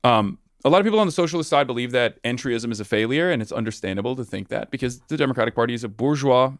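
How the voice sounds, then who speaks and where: Brief: male guest, mid pitch, argumentative political talk, dry close mic, long winding sentences. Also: lively intonation, rapid-fire, dry recording. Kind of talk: political commentary in conversation.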